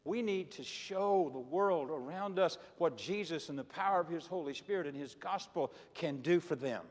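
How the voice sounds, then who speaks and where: A retired pastor in his sixties delivers a sermon built on personal stories, speaking earnestly and repeating his words often. His voice is slightly high and his pace moderate, and the recording carries the long reverb of a large hall.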